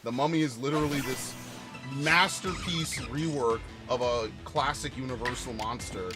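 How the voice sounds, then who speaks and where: A man's voice: medium pitch, normal speed, over music. A young man rambling casually over gameplay, chatty and swearing offhand. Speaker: gaming channel host.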